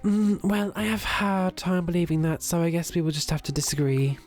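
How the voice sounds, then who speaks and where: A man's voice: fairly high pitch, fairly quick, a little mellow, faint music behind. A young man giving joking, sarcastic commentary while playing a video game. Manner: sarcastic, joking, camp asides. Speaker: let's play gamer. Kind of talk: gameplay commentary.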